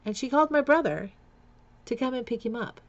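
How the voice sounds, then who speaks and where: A woman's voice: fairly high pitch, animated, fairly quick, dull audio. A woman vlogger candidly telling a painful family story, with nervous laughs and repeated words. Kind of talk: personal storytelling vlog.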